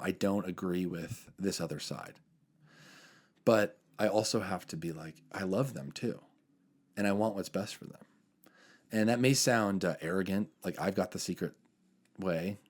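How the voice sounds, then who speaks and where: A man with a very low, deep voice speaks on a casual podcast. He is earnest and reflective, hedging his points and restarting his sentences often. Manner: hesitant, circles back with many fillers; earnest, reflective about faith. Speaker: podcast co-host.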